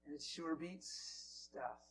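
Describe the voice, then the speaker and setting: A man preaching in a church, telling stories in a Q&A session, going from loud to hushed whispers. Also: fairly high pitch, slow pace, faint music behind, low-quality recording. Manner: animated storyteller, swings from loud to hushed whispers. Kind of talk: Q&A teaching with storytelling.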